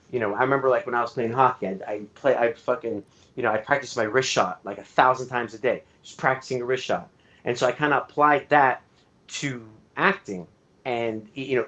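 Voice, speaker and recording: A man's voice: mid-range voice, fairly bright tone. A man from Canada, a guest film director, chatting casually in an interview and telling his story candidly, with plenty of swearing and fillers.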